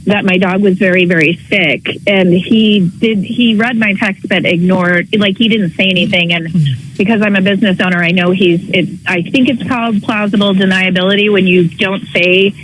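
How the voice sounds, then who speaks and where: A woman calling into a radio show, telling her story in a rambling, halting way full of fillers. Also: mid-range voice, steady tone, poor audio. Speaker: caller. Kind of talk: phone-in call to a radio show.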